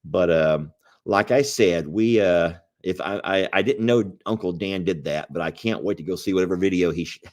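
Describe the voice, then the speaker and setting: A man's voice: low-pitched, moderate pace, darkish tone. A man hosting a casual livestream, folksy and playful, rambling with restarts. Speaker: animal sanctuary owner, livestream host.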